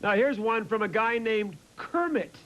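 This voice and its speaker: A man hosting a combative talk show, mocking letter writers and shouting his opinions. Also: sits high, expressive, measured pace, highs cut off, very noisy. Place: TV studio with live audience. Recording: loud cheering studio crowd.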